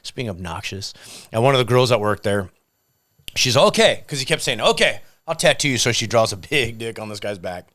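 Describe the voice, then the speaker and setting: A man on a podcast telling a profane, animated story and acting out the people in it. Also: fairly low pitch, a little fast. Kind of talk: casual storytelling.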